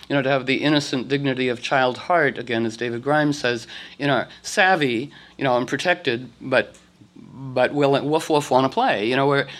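A man telling rambling stories to a group, acting out quotes and restarting often. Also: medium pitch. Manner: animated, acts out quotes, many restarts. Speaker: speaker addressing a group. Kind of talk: rambling storytelling talk.

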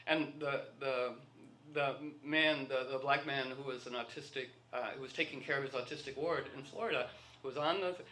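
A man's voice: medium pitch, fairly even intonation, fairly quick, bright, forceful tone, a little hiss or hum. A man giving a rambling, playful talk to a live group, often slipping into quoted voices.

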